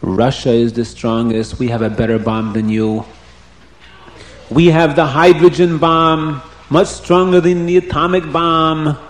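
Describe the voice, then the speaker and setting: Stern bragging leader guy, low heavy voice, echoey as a man does him. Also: steady tone, measured pace, natural voice. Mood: boastful. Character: boasting male world leader, stern and proud. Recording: roomy echo.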